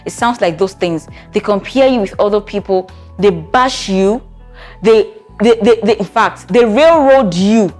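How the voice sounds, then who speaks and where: A woman's voice: mid-range voice, measured pace, a little mellow, faint music behind. Woman giving chatty therapist advice. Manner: conversational, with frequent rhetorical check-ins. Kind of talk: talking-to-camera advice video.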